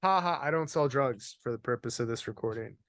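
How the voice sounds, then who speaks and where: A man's voice: medium pitch, expressive, brisk, fairly bright tone, no room sound. Joking young man on a podcast, dry mic. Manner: joking, rambling storyteller, laughs often. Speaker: podcast host. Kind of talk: casual comedy chat.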